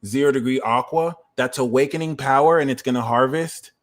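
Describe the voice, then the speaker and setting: A man hosting an astrology livestream, walking viewers through planetary transits in an energetic, conversational way with quick asides. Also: mid-range voice, slight background noise. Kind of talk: explaining astrology transits to a live audience.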